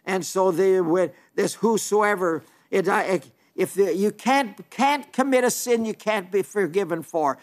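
An older man delivers a sermon in a high voice. He preaches earnestly and emphatically, drawing out the phrases he wants to land. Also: a little slow, few pauses.

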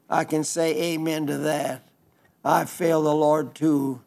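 An old man in his nineties preaches in a folksy, rambling way, stopping and restarting his sentences. His voice sits a little high for a man, and it lifts with fervor when he speaks of grace. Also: little pitch movement, gravelly, darkish tone. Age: 90s. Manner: folksy, halting, with frequent restarts; fervent when praising the gospel. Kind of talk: radio sermon reading listener letters.

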